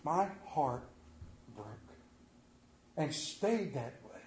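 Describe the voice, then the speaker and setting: A middle-aged man preaching a sermon in a folksy storytelling way, his voice sitting fairly high. He drops to a hush for tender moments and rises to loud, emphatic preaching. The sound rings with the echo of a church sanctuary. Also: animated, drawn-out words, a little hiss or hum. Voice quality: folksy Southern drawl talk with "ain't" and "y'all".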